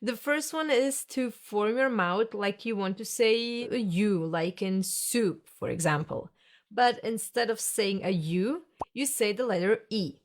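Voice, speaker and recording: A woman's voice: a little high, a little slow. Patient woman teaching pronunciation. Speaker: language teacher. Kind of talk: scripted lesson narration.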